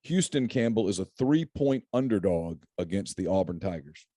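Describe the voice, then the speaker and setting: A man's voice: low-pitched, lively intonation, moderate pace, warm tone, dry recording, studio quality. A middle-aged man hosting a casual chat about game picks, joking and laughing often. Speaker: podcast host.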